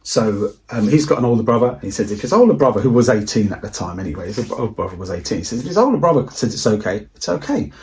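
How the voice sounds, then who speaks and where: A man's voice: on the low side, very animated, fast talker, few pauses, a little mellow. A man, telling a rambling school anecdote in a casual, chatty way on his movie vlog. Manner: rambling, repeats himself, chatty retelling. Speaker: movie collector vlogger.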